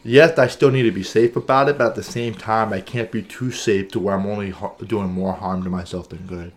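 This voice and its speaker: A man's voice: on the low side, steady tone, a little fast. A man co-hosting a podcast in casual chat, earnest and thinking aloud, often checking in with "right?". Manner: earnest, thinks aloud with many "right?" and "you know what I'm saying?". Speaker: podcast co-host.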